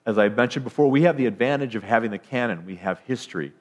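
A man's voice: medium pitch, fast. A man preaching a sermon, emphatic, rising to declarations and often restarting his phrases.

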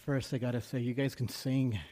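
A man's voice: mid-range voice, flat delivery, fairly quick, noisy background. A man, a school principal, speaking to a congregation in a chatty, self-deprecating way with many fillers. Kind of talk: casual talk to a congregation.

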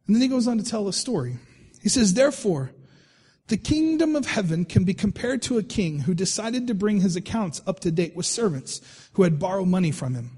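A man's voice: high voice, lively intonation, fairly quick, warm tone, husky, in a large hall. A male pastor preaching a sermon in a conversational way, reading scripture aloud and often repeating his words.

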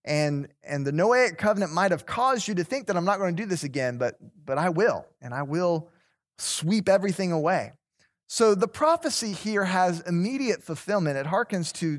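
A Bible study teacher leads an interactive class in a relaxed, conversational manner, his voice pitched a little high. He trips over repeated words and keeps turning questions back to his listeners.

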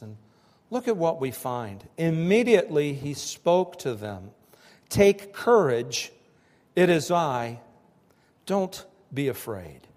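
A man preaching a sermon in slow, emphatic phrases that swell and drop with pauses between them. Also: medium pitch, a little mellow, long reverb tail. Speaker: pastor.

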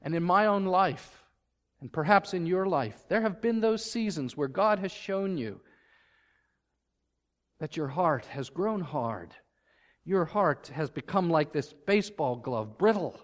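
A male pastor delivers a sermon to his congregation, earnest and at times fervent. His voice sits high for a man. The church hall around him rings with a long reverb. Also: animated, a little slow. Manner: earnest, rising to fervent emphasis. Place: church sanctuary.

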